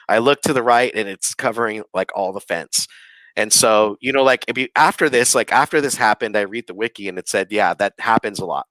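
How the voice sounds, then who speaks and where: A man's voice: lowish voice, a bit bright, no room sound. A man, a podcast guest, telling a story casually, rambling with lots of fillers and acting out quoted dialogue. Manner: rambling, filler-heavy, with frequent "like" and "you know"; acts out quoted lines of dialogue. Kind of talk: casual storytelling of a ghost experience.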